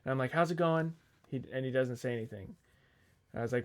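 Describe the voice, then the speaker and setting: A young man co-hosting a podcast spins a long, rambling story about work in casual conversation, swearing freely and quoting the people involved. His voice is medium-pitched and fairly quick.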